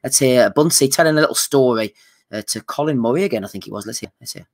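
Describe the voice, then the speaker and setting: A man's voice: medium pitch, fast. A man hosting a casual podcast, breezy and upbeat as he introduces segments. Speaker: podcast host.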